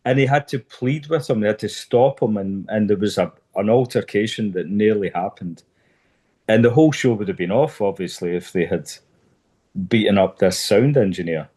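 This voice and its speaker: A low-voiced man settles into a long anecdote on a chat podcast. His delivery is relaxed and easygoing, with plenty of asides. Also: normal speed, breathy edge. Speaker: podcast co-host. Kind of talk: casual storytelling chat.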